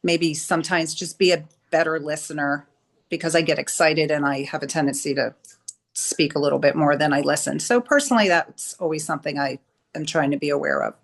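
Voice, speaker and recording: A woman's voice: deep voice, steady tone, brisk, vocal fry. A woman talking as a guest on a group talk show, earnest and upbeat. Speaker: guest attorney. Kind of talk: casual group chat.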